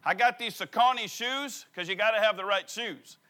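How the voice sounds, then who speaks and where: A middle-aged pastor gets laughs by telling a personal story in his sermon and acting out the dialogue. His voice is high-pitched and sharp, delivered at a normal speed.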